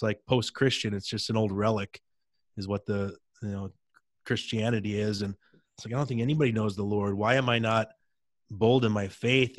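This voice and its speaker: A man's voice: medium pitch, a bit bright, dry recording, studio quality. A man in his thirties, a former pro hockey player, telling his faith story in an intense, candid way in a casual interview.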